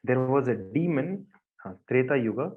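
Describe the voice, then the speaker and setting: A man of middle pitch narrates a devotional story in plain, repetitive sentences and often restarts them. The lo-fi recording sounds dull and muffled. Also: animated, normal speed. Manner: simple, repetitive phrasing with restarts.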